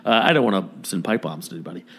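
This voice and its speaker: Halting, teasing man podcast co-host. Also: low voice, lively intonation, fairly bright tone, slight background noise. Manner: halting with many uhs, dry teasing. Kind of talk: casual chat.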